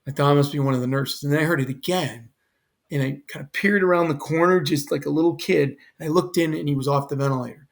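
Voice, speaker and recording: A man's voice: on the high side, quick pace, creaky. An older man, a former fire chief, telling an emotional personal story in earnest detail as a podcast guest. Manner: earnest, quotes others in his own voice.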